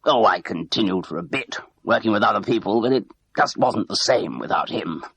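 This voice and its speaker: A man's voice: fairly low pitch, lively intonation, moderate pace, creaky, fairly bright tone, husky, no room sound, heavily acted. A man voicing a bluff middle-aged ex-crook posing as a major, chatty and hesitant, full of ums and uhs.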